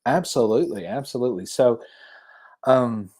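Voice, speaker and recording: A man's voice: medium pitch, normal speed, a little mellow. Rambling Southern-accented man. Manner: rambling with many restarts. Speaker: podcast guest. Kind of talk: casual chat.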